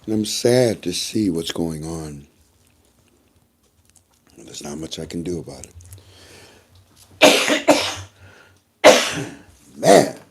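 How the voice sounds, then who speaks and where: A man's voice: low-pitched, expressive, extremely slow, long pauses, slight background noise. A man vlogging to his viewers in a casual, rambling monologue, repeating himself often and making chatty asides. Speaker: YouTube vlogger.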